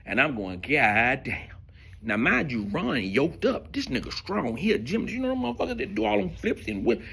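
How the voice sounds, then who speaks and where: Gravelly, animated male stand-up storyteller. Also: on the high side, a little fast. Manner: profane, animated storytelling with sudden volume drops. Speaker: stand-up comedian.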